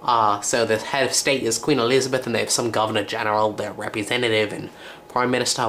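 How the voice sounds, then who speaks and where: A man's voice: medium pitch, steady tone, fast talker, a bit bright, a little hiss or hum. A teenage boy from the United States, talking in a put-on British accent as he hosts a casual, rambling room-tour vlog with jokes and self-corrections. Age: teens. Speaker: channel host. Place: his bedroom, indoors.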